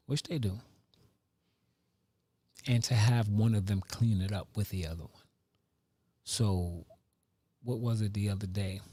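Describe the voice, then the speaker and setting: A man and father telling family stories in a casual vlog, animated, with sudden pitch jumps and hushed asides. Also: husky, no room sound. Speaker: vlogger. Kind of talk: casual storytelling monologue.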